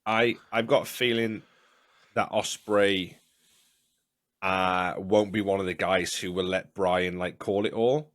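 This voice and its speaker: Low-voiced man, blunt and sweary. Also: steady tone, slow, fairly bright tone, no echo. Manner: blunt, swears freely, stumbles and restarts. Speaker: podcast co-host. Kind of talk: casual watch-along chat.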